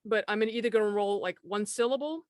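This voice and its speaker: A woman co-hosting a casual chat over a video call, running a party game in a playful, brisk way. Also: medium pitch. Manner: playful, brisk, repeats prompts.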